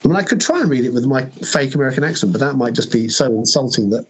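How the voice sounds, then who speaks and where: A man's voice: mid-range voice, animated, quick pace, husky, rough recording. An English man with an English accent, a novelist talking in a casual interview, hesitant and self-deprecating, with many restarts. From England. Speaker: novelist guest.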